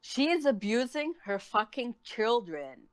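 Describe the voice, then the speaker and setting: A woman's voice: fairly high pitch, sing-song, unhurried, smooth, dry recording. Angry swearing woman ranting on a stream, dry dead sound. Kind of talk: heated casual chat.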